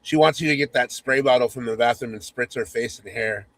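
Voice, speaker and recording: Male podcast host, comedic story reading, mock-sultry, teasing asides, mid-pitched voice. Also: a little fast, a bit bright, low-quality recording.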